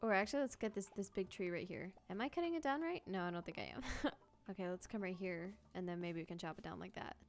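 A young woman hosting a let's-play, reacting in a bubbly, giggly, excitable way while she plays. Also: mid-range voice, quick pace. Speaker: gaming video host.

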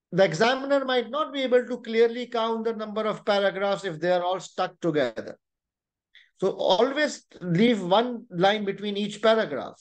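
A young adult man with a Pakistani English accent teaching an online exam-prep webinar, explaining points deliberately and checking in with "right?" and "you know". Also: high voice. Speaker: exam tutor.

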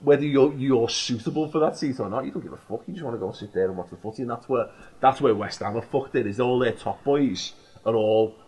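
A man's voice: mid-range voice, fast talker, darkish tone, breathy edge, low-quality recording. A man in his thirties with a Liverpool accent, a guest telling rambling, profane anecdotes in a casual chat. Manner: rambling anecdotes, swearing, laughs often.

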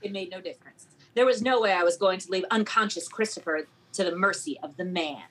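Female podcast co-host, lower voice, calm reader with deadpan quips. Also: brisk, breathy edge. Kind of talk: reading a novel aloud.

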